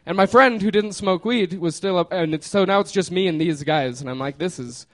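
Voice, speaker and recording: A man's voice: sits high, a little fast, a bit bright. A man casually telling a personal story, laughing often and trailing off with fillers.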